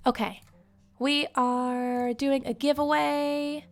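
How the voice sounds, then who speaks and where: A young woman hosting a charity live stream, excitable and laughing often as she talks to her chat. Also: high-pitched, takes it slowly.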